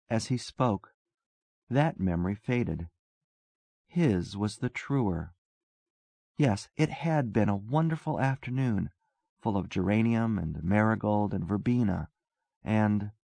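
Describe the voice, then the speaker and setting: Calm male storyteller, dry sound. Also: lowish voice, no echo. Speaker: narrator. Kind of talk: scripted narration.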